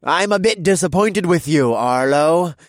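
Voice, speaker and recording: A man's voice: fairly high pitch, lively intonation, unhurried, no room sound, clean studio sound, voice pushed up. A man voicing a solemn male cult leader who speaks with gravitas in an audiobook. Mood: stern. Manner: weighty, solemn.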